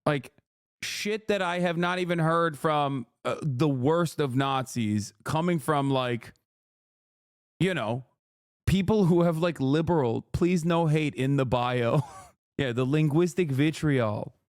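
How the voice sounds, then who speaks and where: A man's voice: on the high side, takes it slowly, clear, resonant tone, no echo, studio quality. A man in his thirties streaming a reaction, ranting heatedly with profanity and sarcastic mimicry. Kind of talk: livestream reaction commentary.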